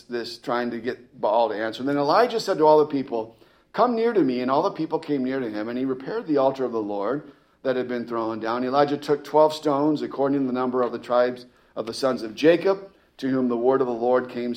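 A man's voice: mid-range voice, a little mellow. A man reading scripture aloud with emphasis and explaining it in a conversational way, often asking "right?" and restarting his phrases. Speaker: Bible teacher. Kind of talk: scripture reading with casual commentary.

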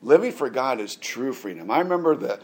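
Preaching with a medium-pitched, slightly rough voice, a pastor in his forties is very animated and fairly quick. His conversational sermon is full of restarts and fillers, broken by loud, emphatic passages that drive his points home.

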